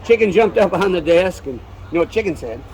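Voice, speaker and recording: A man's voice: high voice, animated, fast, a little mellow, slight background noise, poor audio. A man telling old corny jokes in a folksy way at an outdoor festival, chuckling at his own punchlines. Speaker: folk musician and storyteller. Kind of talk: joke telling and singing with guitar at a fair. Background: guitar playing.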